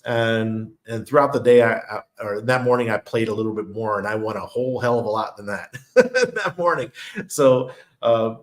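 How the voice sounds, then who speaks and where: A man's voice: fairly low pitch, expressive, normal speed. A man with a New York accent talking casually to his viewers, telling stories and laughing often. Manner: chatty storyteller, laughs often. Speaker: crypto channel host. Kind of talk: casual monologue.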